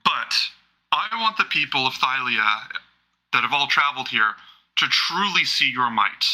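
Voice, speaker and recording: A man voicing a king who addresses his arena crowd in a slow, showy way. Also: mid-range voice, expressive, pushed and bright, rough recording. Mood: grand. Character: grandstanding male king hosting games.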